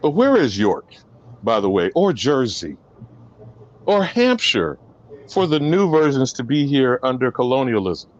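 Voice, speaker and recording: A man giving impassioned commentary, preachy and emphatic, his voice swinging from loud to soft. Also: mid-range voice, big pitch swings, a little slow, muffled recording.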